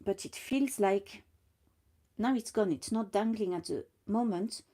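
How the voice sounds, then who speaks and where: In a casual personal vlog monologue, a woman talks slowly and deliberately about her own speech, her mid-range, dark-toned voice clogged by mucus in her throat and a blocked nose. She stumbles over words and often drops to a whisper.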